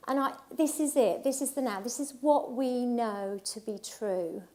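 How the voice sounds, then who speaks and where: A woman's voice: on the high side, measured pace, warm tone. A middle-aged woman from England giving an emotional, heartfelt personal talk at a live event, speaking emphatically with repetition.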